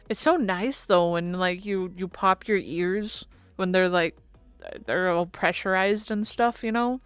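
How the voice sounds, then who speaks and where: Female streamer, relaxed slow chatter, laughs a lot, casual cursing. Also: mid-range voice, smooth, no room sound, faint music behind. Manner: giggly, chatty, swears casually. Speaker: VTuber streamer. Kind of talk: casual stream chat with viewers.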